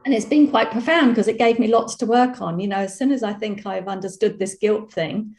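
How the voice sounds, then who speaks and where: A woman calmly telling a personal story on a video call, reflective and full of fillers. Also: mid-range voice, fairly quick. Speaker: program participant sharing a story. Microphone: video call microphone. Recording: roomy echoey video call audio.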